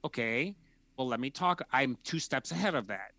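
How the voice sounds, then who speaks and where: Bright, dry-sounding male counselor. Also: medium pitch, expressive, normal speed, no echo. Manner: acts out imagined dialogues in different voices. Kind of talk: explanatory conversation.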